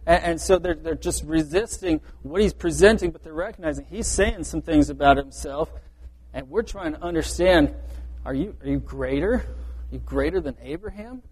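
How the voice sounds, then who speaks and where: A man's voice: on the high side, normal speed, darkish tone, slightly rough. A man preaching a sermon, explaining verse by verse in an earnest way and often restarting his phrases. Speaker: pastor. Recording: reverberant hall.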